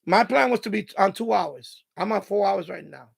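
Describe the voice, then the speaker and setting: A man hosting a live stream in casual chat, his voice raspy and hoarse from hours of talking, giving rambling advice full of "you know" and restarts. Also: high voice, normal speed, dry recording, studio quality.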